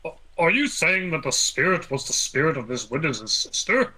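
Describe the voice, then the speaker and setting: A man voicing a slow, doubtful old judge, reading game dialogue in a measured way. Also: on the high side, big pitch swings, noisy background, pitched above the performer's own voice. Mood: puzzled.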